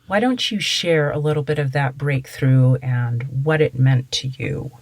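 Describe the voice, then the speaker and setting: A woman's voice: extremely low pitch, unhurried, no room sound. A middle-aged woman hosting an interview, conversational and affirming as she shares her own experience. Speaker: podcast host. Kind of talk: casual interview.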